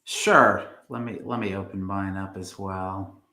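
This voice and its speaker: Real estate agent: man, lowish pitch, halting and filler-heavy, in an echoey room. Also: steady tone, bright, forceful tone. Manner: hesitant, many fillers and restarts. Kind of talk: live stream market discussion.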